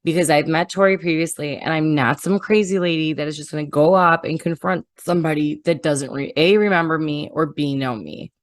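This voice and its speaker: Low-voiced woman, blunt and indignant. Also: a little fast, hardly any pauses, no room sound. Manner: blunt, indignant, profane retelling. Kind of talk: casual podcast chat.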